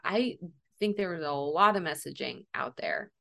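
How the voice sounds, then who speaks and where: A young adult woman chatting casually, telling animated stories and acting out quotes. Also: sits low, moderate pace, vocal fry. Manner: animated storyteller, acts out quotes. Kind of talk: casual chat.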